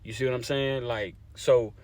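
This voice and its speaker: Darkish in tone and mid-range, this young adult man's voice runs at a moderate pace with fairly even intonation. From Louisiana and working as a language advocate, he talks casually to camera, explaining things conversationally and often checking in with "you see what I'm saying."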